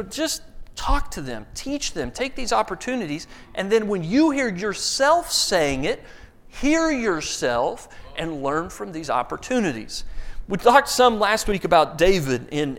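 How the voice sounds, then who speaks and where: A man's voice: fairly high pitch, sing-song, moderate pace, big-room sound. A middle-aged man preaching a conversational sermon, telling stories and acting out voices along the way. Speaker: pastor.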